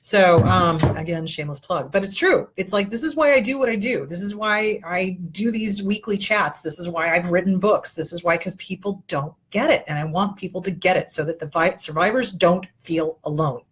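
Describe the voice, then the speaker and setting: A middle-aged woman with a husky voice hosts her own weekly show as a therapist. She talks bluntly and passionately, swears freely and wanders from point to point. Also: fairly low pitch, normal speed, hardly any pauses. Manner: blunt, profane, passionate, rambling. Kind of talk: solo livestream talk.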